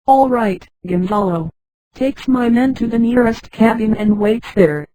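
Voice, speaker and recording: A synthetic female voice reading the part of a self-assured male pirate governor in a space storybook, in the same even machine delivery as the narration. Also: very high voice, a little slow, no room sound, poor audio. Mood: commanding.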